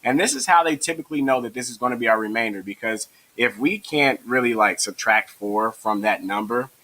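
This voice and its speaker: A man's voice: medium pitch, brisk, bright, forceful tone, poor audio. A man who teaches math, explaining a division method step by step in an encouraging way. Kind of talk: tutorial lesson.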